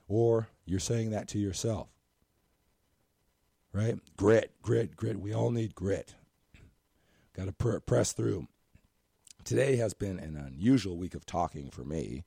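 A hoarse, scratchy-voiced man hosting a motivational podcast, talking earnestly in a rambling way and often asking "right?". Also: lowish voice, a little slow, mellow, no echo, studio quality. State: hoarse from talking too much. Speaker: podcast host and coach.

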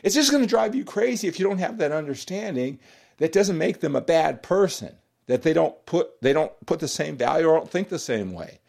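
Male motivational podcast host, slightly high voice, very lively delivery, direct and emphatic. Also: a little fast, gravelly. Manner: animated, direct and emphatic, with frequent "right?" and "you know".

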